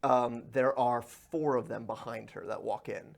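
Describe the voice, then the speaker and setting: A man's voice: mid-range voice, steady tone, a little slow, creaky. A man narrating as game master in a casual, loose way with many ums.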